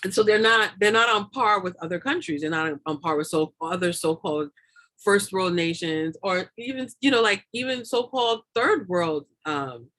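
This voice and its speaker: A woman's voice: on the low side, moderate pace, fairly bright tone. A woman doula talking as a guest in a casual interview, rambling with many fillers and repeated words, often laughing. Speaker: doula and lactation consultant, guest.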